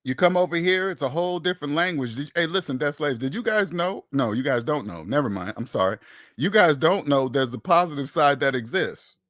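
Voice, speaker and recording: A man's voice: fairly high pitch, animated, fairly quick, fairly bright tone, dry recording, clean studio sound. A man hosting a personal finance channel, delivering an emphatic, preachy monologue that repeats phrases and acts out imagined back-and-forth dialogues. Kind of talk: opinionated monologue to camera.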